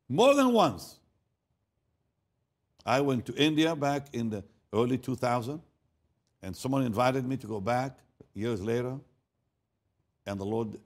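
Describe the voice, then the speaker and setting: An older man, a pastor, telling a story in a sermon, swinging from hushed asides to loud emphatic lines and often repeating words as he goes. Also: mid-range voice.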